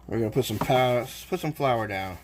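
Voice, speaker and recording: A man's voice: medium pitch, moderate pace, slight background noise. A man with a Boston accent casually chatting on a cooking livestream while he works the dough. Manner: rambling, chatty, talking while working. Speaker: livestream host.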